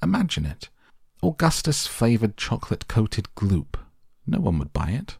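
A man's voice: mid-range voice, huge pitch swings, moderate pace, creaky, a little mellow, husky, no room sound, studio quality, voice pushed up, heavily acted. A man voicing a giggling, eccentric chocolate maker with an airy, soothing manner. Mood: breezy.

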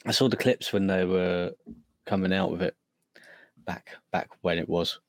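A man's voice: sits low, steady tone, moderate pace. A man co-hosting a casual gaming podcast over an online call, adding brief, matter-of-fact remarks. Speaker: podcast co-host.

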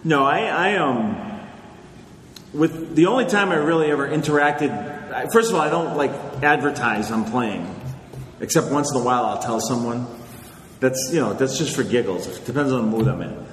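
A middle-aged man, an author and guest speaker, telling anecdotes on a panel in an animated, laughing way. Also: medium pitch, normal speed. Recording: echoey hall with crowd noise.

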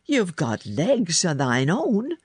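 A woman reading a storybook voices a calm, kind country boy. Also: on the low side, slow, breathy edge, no room sound, studio quality, exaggerated voice. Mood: calm steady. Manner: calm, steady, plain-spoken.

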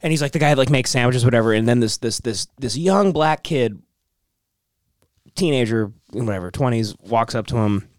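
A man's voice: medium pitch, moderate pace, no room sound, studio quality. A man co-hosting a podcast, chatting casually and rambling through anecdotes in a loose, conversational way. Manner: rambling storyteller, acts out quotes in other voices. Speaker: podcast co-host. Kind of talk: casual chat.

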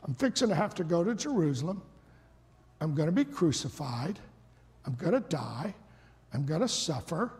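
A man voicing a grave male teacher who quietly confides that he will suffer. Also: fairly high pitch, sing-song, normal speed, pauses often, voice pushed down. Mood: somber. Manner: hushed, earnest, confiding. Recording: long reverb of a large hall.

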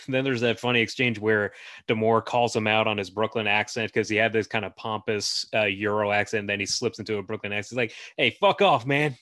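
A man's voice: lowish voice, little pitch movement, a little fast, bright, forceful tone, no room sound. Man, podcast host, casual film talk, filler-heavy, dry close mic. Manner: chatty, many fillers and restarts.

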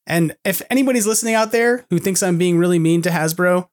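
A man's voice: high-pitched, fast. A man hosting a podcast in casual chat, rambling and self-deprecating, laughing often. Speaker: podcast host.

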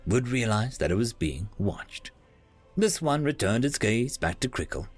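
A man narrating science-fiction stories in a scripted, animated storytelling manner. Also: mid-range voice, gravelly.

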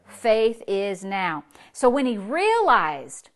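A woman pastor delivering a sermon, telling a story in a voice that drops low and then rises with emphasis. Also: sing-song, slow pace. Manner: storytelling preacher, swings from hushed to emphatic.

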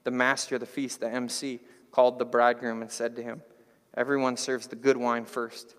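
A man's voice: mid-range voice, fairly quick, in a large hall. A man preaching a sermon as pastor, talking in a loose, conversational way and joking with the congregation. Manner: conversational, animated, jokes with the congregation.

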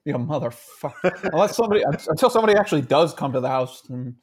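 A man's voice: on the high side, animated, fast talker, breathy edge. A man co-hosting a podcast in casual chat, laughing often and swearing freely. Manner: laughing, crude banter. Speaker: podcast co-host. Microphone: handheld mic.

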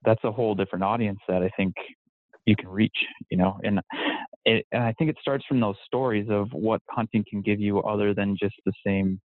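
A man's voice: fairly low pitch, steady tone, brisk, no room sound. A man chatting as a podcast guest, rambling and self-deprecating, laughing often. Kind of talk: casual interview chat. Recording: tinny phone-like line.

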